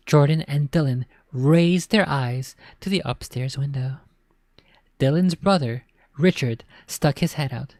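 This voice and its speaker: Brief: woman storyteller, low and even, chatty asides, dry close mic. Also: a little slow, dry recording. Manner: casual asides between read lines. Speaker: storybook reader. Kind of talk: reading a children's horror story aloud.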